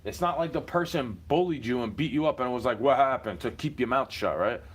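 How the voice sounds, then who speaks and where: A man's voice: medium pitch, animated, a little fast, slight background noise. A man, rambling in a profane casual monologue full of street slang.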